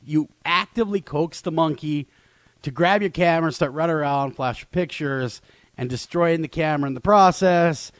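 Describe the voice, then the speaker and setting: A man's voice: on the high side, no echo. A man co-hosting a radio show in casual banter, telling stories playfully and often laughing. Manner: animated, laughing, playful storytelling. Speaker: radio co-host.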